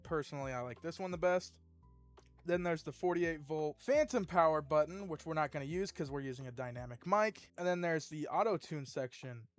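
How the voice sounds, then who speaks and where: A man's voice: on the high side, expressive, fairly quick, soft background music. A young man hosting his own channel, chatting casually through an upbeat product review. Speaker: gear reviewer, channel host.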